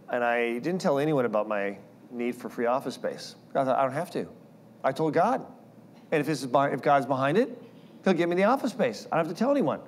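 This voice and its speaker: A man preaching a sermon, telling personal stories in an animated way and acting out the voices of people he quotes. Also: mid-range voice, slight background noise. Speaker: guest speaker.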